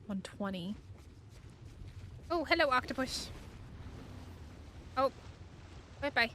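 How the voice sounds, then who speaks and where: A woman's voice: sits high, lively intonation, slow pace, sharp tone, slight background noise. A woman streaming a survival game, giving casual commentary and playfully chatting to creatures and viewers.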